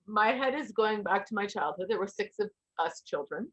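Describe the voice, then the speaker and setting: A woman hosting a podcast, asking questions in an animated, chatty way and laughing along with her guest. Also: medium pitch, normal speed, low-quality recording. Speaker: podcast host. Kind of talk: casual interview chat.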